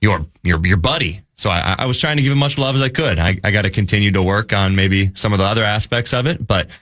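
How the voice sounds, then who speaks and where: Deep-voiced young man, earnest. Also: fast talker, fairly bright tone, dry recording, clean studio sound. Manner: earnest, with frequent restarts and fillers. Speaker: sports radio guest analyst. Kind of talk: casual sports talk. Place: radio studio. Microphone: studio mic.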